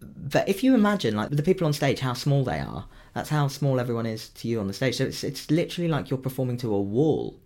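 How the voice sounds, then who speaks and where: A young man, a musical theatre performer, chatting casually and telling animated stories. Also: quick pace, hardly any pauses. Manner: animated storytelling with big pitch leaps. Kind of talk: casual chat.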